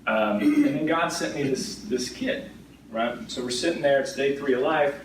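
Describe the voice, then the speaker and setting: A middle-aged man speaks at an event and tells stories to the crowd in a loose, chatty way, tagging many sentences with "right?". His voice sits at a mid pitch. It is picked up from a distance in a roomy hall, with steady background noise behind him. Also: normal speed. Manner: conversational, frequently adds "right?" tag questions. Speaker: insurance agent speaking as a guest. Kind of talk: storytelling talk to an audience. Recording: echoey room, distant mic, background noise.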